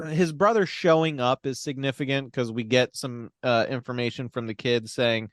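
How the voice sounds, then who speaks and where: Man, podcast co-host, casual movie recap, wry, profane, filler-heavy, smooth voice, dry sound. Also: medium pitch, steady tone, normal speed, no room sound.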